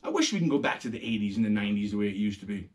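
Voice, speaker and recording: Husky middle-aged New man. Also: on the low side, racing. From New York. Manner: animated, profane storytelling, acting out quoted voices. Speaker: host. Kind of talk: casual monologue.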